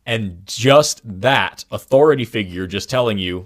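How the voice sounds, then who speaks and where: A man's voice: on the low side, a little fast, hardly any pauses. A man co-hosting a podcast, telling a long story in casual chat, with many fillers and restarts. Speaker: podcast co-host.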